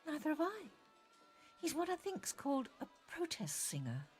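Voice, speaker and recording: A woman voicing a soft-spoken, wistful teenage schoolgirl in an audio drama reading. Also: sits high, wildly swooping pitch, normal speed, faint music behind, voice pushed up.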